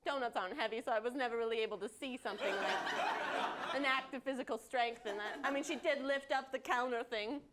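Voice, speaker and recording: A woman performing a live improv comedy scene on a theater stage, talking in an earnest, deadpan way. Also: a little high, brisk. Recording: noisy live stage recording. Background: audience laughter.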